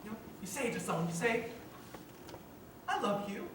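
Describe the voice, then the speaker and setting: A wistful musical-fan narrator. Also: male voice, sits high, very fast, fairly bright tone, slight background noise. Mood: confiding. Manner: confiding, chatty aside to the audience. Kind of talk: live stage musical, direct address. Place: school theater stage. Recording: very echoey hall, distant mic.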